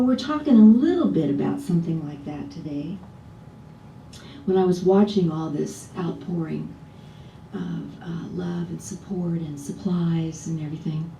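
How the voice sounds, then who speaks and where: A woman minister preaching a conversational sermon, chatty and often asking the congregation rhetorical questions. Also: dark tone. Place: church sanctuary. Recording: roomy, distant church sound with faint rumble.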